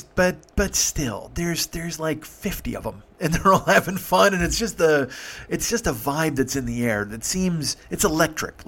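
A man's voice: medium pitch, fairly bright tone. A man in his fifties, hosting a podcast, telling a long story in a profane, rambling way with many restarts. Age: 50s. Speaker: podcast host. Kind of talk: casual storytelling.

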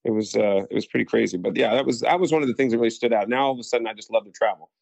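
An American actor tells stories in a casual interview, his mid-range voice very fast, creaky and breathy-edged, with no room sound. He rambles animatedly, restarting often and acting out quotes.

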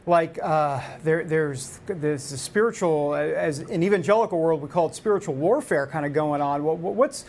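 A man's voice: on the high side, moderate pace, few pauses. A man from New York hosting a radio talk show, chatting casually and joking around. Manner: jokey, animated, puts on voices.

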